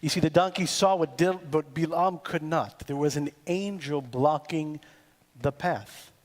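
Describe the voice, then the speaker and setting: A man preaching a sermon as cantor in a synagogue, with a deliberate delivery built on poetic repetition. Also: a little high. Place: synagogue sanctuary. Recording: long reverb in a large hall with faint music.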